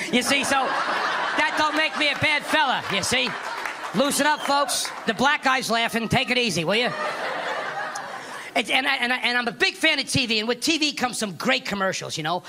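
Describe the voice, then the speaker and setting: A man doing a stand-up comedy set, telling stories and acting out characters. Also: very high-pitched. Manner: animated storytelling, acts out characters. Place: comedy club stage. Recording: live club recording with crowd noise. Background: laughing audience.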